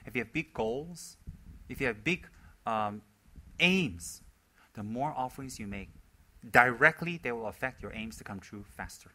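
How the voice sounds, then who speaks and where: Guy giving a casual buddhist teaching, bright tense voice, animated, acts out conversations. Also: fairly low pitch, moderate pace, low-quality recording. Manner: conversational and animated, mimics quoted voices, repeats words for emphasis. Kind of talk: informal dharma talk.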